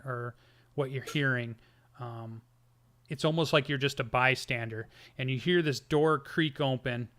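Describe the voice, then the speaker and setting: A man narrating a tabletop game as game master, halting often with ums and restarts. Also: medium pitch, fairly bright tone, smooth.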